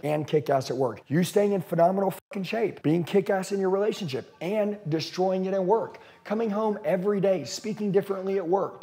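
A man's voice: on the high side, dark tone. A man giving a profane, intense motivational talk as a sales coach to an audience.

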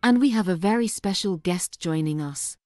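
Woman host, lowish voice, dry sound, soft music underneath. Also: animated, normal speed, no room sound. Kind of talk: scripted presenting.

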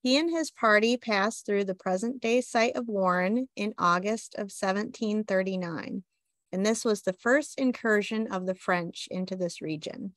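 A woman who works as a library reference assistant, presenting a local history session in a steady, informative way with light self-deprecating asides. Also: mid-range voice, normal speed, dry recording.

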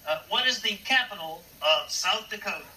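A man voicing a cantankerous male puppet monster on a children's TV show, with a gruff voice pushed out the corner of his mouth. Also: sits high, expressive, normal speed, sharp tone, slight background noise, pitched above the performer's own voice, full character voice. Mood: grumbling. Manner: grouchy, snappish. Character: grumpy cantankerous male trash-can monster, sarcastic. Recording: distant TV clip with faint music.

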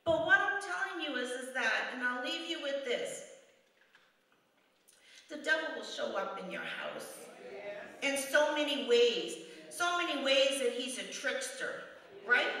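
A woman giving a testimony sermon at a church service, emphatic and repetitive for effect, dropping to a hush for stories. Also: high-pitched, very animated, unhurried, long pauses. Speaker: guest speaker at a church service. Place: church sanctuary. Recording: echoey church hall from far off.

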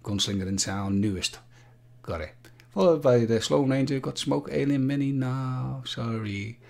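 A man's voice: mid-range voice, normal speed, creaky, a little mellow. Male quiz host, cheeky banter, humming jingles, casual live-stream delivery. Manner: jokey, sings jingles, reads out viewer names.

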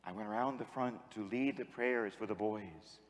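A man's voice: lowish voice, moderate pace, long reverb tail. A man, a priest, preaching a sermon and telling a story, then leading the congregation in call-and-response. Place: large church with long echo.

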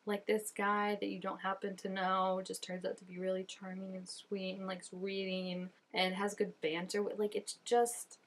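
A woman's voice: mid-range voice, flat delivery, moderate pace, few pauses. A young woman giving casual reaction commentary, chatty and full of "like" fillers. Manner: chatty, filler-heavy with constant "like". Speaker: reaction video host.

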